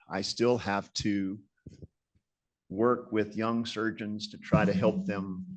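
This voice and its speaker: A man in his sixties giving a conversational lecture as a guest surgeon, telling stories in a self-deprecating, reflective way. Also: fairly low pitch.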